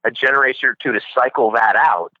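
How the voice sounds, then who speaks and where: Male podcast guest on a lo-fi call, animated storyteller, dry sound. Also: mid-range voice, quick pace, no echo. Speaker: podcast guest, dating show host. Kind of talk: casual chat by phone. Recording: dull lo-fi call-in line.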